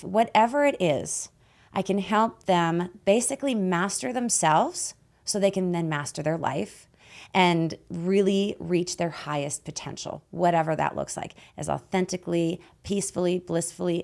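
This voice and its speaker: A woman from Canada hosting a podcast, her voice hoarse and raspy, talking in a bubbly, emphatic way and laughing often. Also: lowish voice. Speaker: podcast host and life guide. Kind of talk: casual podcast chat. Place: podcast studio.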